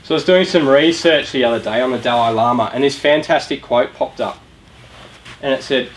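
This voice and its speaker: A young Australian man, a youth charity speaker, gives a casual motivational talk to young listeners in a room with a live audience, chatting and asking them questions. His mid-range voice moves a little fast. The recording is rough, with slight background noise.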